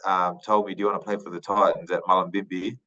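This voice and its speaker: A man in his thirties from Papua New Guinea, a podcast guest telling his story in a thoughtful, unhurried way with many fillers and restarts. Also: deep voice, level tone, pushed and bright, muffled recording. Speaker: podcast guest, retired rugby league player. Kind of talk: casual interview storytelling.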